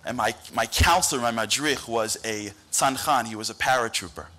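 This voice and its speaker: A man giving an animated storytelling speech at a dinner event, acting out the people he quotes. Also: medium pitch, moderate pace. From United States. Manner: animated, acts out quoted voices. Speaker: dinner speaker. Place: banquet hall event.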